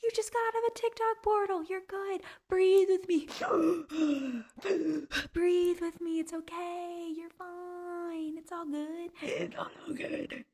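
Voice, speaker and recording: A woman putting on a gentle, reassuring inner voice that calms herself down. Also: very high-pitched, takes it slowly, voice pushed up. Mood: soothing. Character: soothing calm inner voice, young woman.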